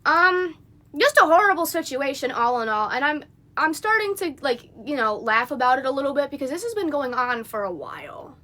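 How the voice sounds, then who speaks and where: A woman's voice: high-pitched, expressive, a little fast, sharp tone. A young woman on a phone livestream, venting in an indignant, rambling rant full of fillers. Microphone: phone mic.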